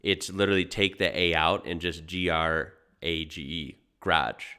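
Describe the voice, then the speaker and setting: Deep-voiced guy w a light chicago accent, bright crisp tone, thinking out loud reacting to clips. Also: steady tone, moderate pace. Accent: mild Chicago. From American Midwest. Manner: chatty, musing, lots of uh and restarts. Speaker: reaction channel host. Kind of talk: casual reaction commentary.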